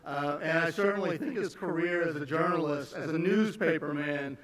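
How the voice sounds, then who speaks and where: A man's voice: a little high, a bit bright, far from the mic. Emotional man giving a eulogy in an echoey church. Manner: halting, with many restarts and fillers. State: emotional, on the edge of tears. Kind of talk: memorial eulogy. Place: large church sanctuary.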